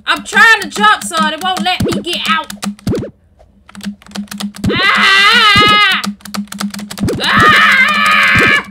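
A woman co-hosting a home gaming video, talking loudly and excitably into a headset. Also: moderate pace, hardly any pauses. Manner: loud, high yelling, excitable. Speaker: gaming channel co-host. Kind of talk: casual gameplay commentary. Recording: keyboard clicks and typing noise.

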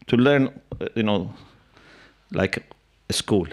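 A man with as his delivers a religious lecture in English at a middle pitch. He explains verses he quotes in Arabic and tells a story to make his point. He talks to his listeners directly, often asking "yeah?" and adding "you know". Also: normal speed, long pauses. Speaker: Islamic scholar and lecturer. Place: mosque hall with a live audience.

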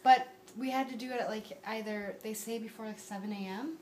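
A woman's voice: a little high, fairly even intonation, brisk, a little mellow. A woman co-hosting a vlog, chatting casually and reading viewer comments aloud. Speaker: vlog co-host. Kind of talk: casual chat. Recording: echoey room, camera at a distance, noisy.

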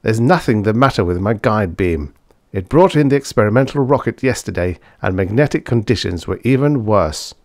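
A man voicing a young electronics engineer, speaking quietly and with determination. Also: lowish voice, animated, normal speed, dry recording, clean studio sound. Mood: determined.

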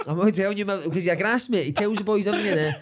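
A man's voice: sits high, very fast. A Scottish man, a football coach and podcaster, telling stories with frequent swearing and laughter in a casual interview.

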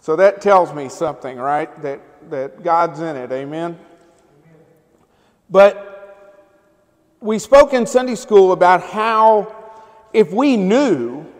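A male pastor preaching a sermon in a loose, conversational way, often checking in with the congregation. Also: sits high. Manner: conversational, keeps asking the congregation "right?" and "amen?". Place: church sanctuary. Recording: long church hall reverb.

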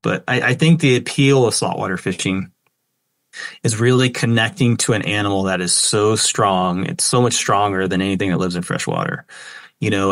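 A man in his forties, a fishing guide, telling a story with excitement and lots of fillers, jumping up in pitch when he quotes others. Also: dry recording. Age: 40s. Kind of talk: animated storytelling in a podcast interview.

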